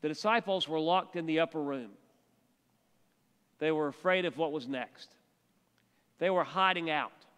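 A male pastor preaching a sermon, telling stories and dropping his voice soft and quiet for emphasis. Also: a little high, unhurried, pauses often, smooth, big-room sound.

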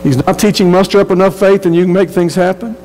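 A male pastor preaching in an earnest, emphatic way, often doubling back on his words. His voice sits a little high for a man and rings out with a long reverb in a church sanctuary. A faint hum runs under it. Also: little pitch movement, fast, darkish tone. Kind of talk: sermon.

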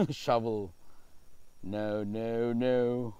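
A man's voice: mid-range voice, little pitch movement, very slow, mellow, clear, resonant tone, no echo. A man with a Singaporean accent hosting a live ghost hunt outdoors at night, coaxing and pleading with questions. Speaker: ghost-hunting host. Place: outdoors in a nature park at night.

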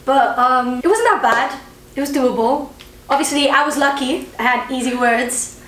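A woman, a guest songwriter, chatting casually and giggling, talking in quick bursts. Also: high-pitched, fairly bright tone, recorded from a distance. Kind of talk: casual chat. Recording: echoey room, a bit off-mic.

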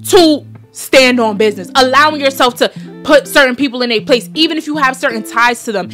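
A woman's voice: sits high, a little fast, a bit bright, soft background music. A woman in her twenties with a New York accent, hosting a podcast and giving a blunt, profane, fired-up motivational talk. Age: 20s. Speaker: podcast host.

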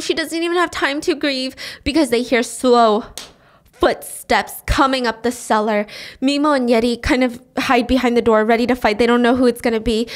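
A woman hosting a podcast, animatedly retelling a thriller plot in a casual way. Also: a little high. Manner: animated retelling with voiced quotes. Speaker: podcast host. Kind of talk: casual story recap.

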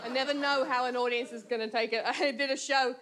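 Stand-up comic, woman, self-mocking, high voice, live stage mic with loud audience laughter. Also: fairly even intonation, some chatter behind, a little hiss or hum. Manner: chatty, self-mocking, quick asides. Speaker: stand-up comedian. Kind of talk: stand-up comedy set.

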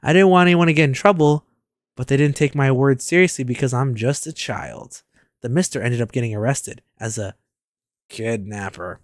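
A man voicing a glum twelve-year-old boy who narrates his strange home life in a low, subdued, flat way. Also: normal speed, dry recording, clean studio sound, close to an everyday voice.

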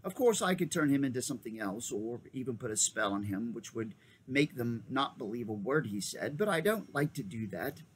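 A man voicing an old male magician, genial and fussy, in a high lilting old-man voice for a storybook reading. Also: big pitch swings, normal speed, a little hiss or hum, close to an everyday voice. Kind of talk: storybook read-aloud.

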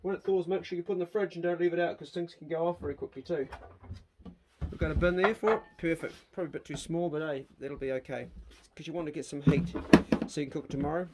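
A middle-aged man with a New Zealand accent talking in a casual family vlog on his rural land, blunt and easygoing, calling loudly to his dogs. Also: a little high, steady tone, fast, heavy background noise. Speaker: vlogger. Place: outdoors on a rural property.

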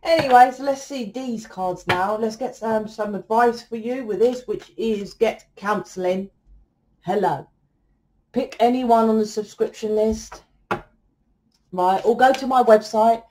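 A woman's voice: fairly high pitch, unhurried, mellow, slight background noise. A woman giving a casual tarot reading to camera. She talks bluntly, swears freely and keeps tagging her points with "right?". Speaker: tarot reader.

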